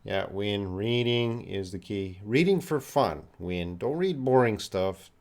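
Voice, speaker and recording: A Canadian man runs a live-stream English lesson, answering chat questions and correcting sentences. His voice sits fairly low, and he talks at an unhurried, very slow pace. He explains patiently in simple words. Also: lively intonation, darkish tone. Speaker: English teacher.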